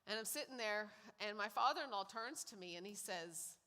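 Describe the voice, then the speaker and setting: A woman's voice: medium pitch, animated, normal speed, pushed and bright. A woman sharing a personal testimony at a church service, telling her story and acting out what people said. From Canada. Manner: storytelling, acts out quoted lines. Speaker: guest speaker sharing testimony. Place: church sanctuary. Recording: long hall reverb in a church.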